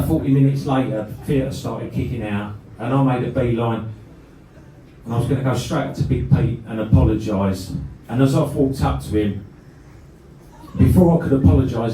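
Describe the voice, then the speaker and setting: A man's voice: medium pitch, moderate pace, dark tone, distant mic, slight background noise. A man telling a sweary comic story on a club stage and laughing through it. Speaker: comedy band frontman. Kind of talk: live stand-up storytelling. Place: club stage with a live crowd. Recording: roomy live club recording from the crowd.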